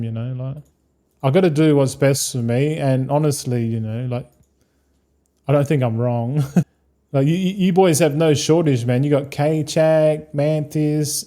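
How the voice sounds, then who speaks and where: A man's voice: mid-range voice, mellow. An Australian man live-streaming a game, chatting casually and rambling, with frequent swearing and matey slang.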